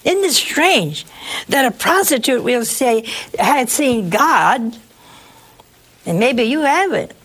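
A woman's voice: a little high, big pitch swings, slow pace, pauses often, a bit bright, breathy edge. A woman preaching a sermon in a conversational, emphatic way, full of rhetorical questions.

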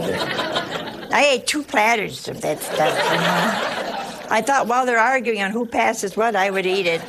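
A woman giving a folksy sermon, telling humorous stories and dropping to hushed asides for emphasis. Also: medium pitch, gravelly, noisy background. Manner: humorous storytelling. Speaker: religious teacher.

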